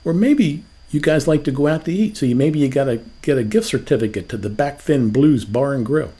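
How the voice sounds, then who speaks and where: A man's voice: medium pitch, lively intonation, brisk, dark tone. An older man preaching a sermon as a pastor, asking rhetorical questions in a conversational way.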